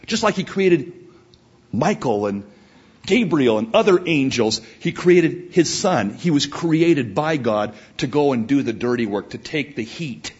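A man's voice: medium pitch, animated, a little slow, darkish tone, slightly rough. A man preaching a sermon, telling a story with rising passion. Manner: storytelling, impassioned. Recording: dull lo-fi recording.

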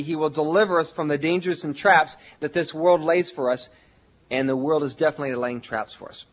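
Earnest male preacher, a bit high-pitched, halting with fillers, stresses key words; muffled lo-fi recording. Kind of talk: sermon. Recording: dull lo-fi sound.

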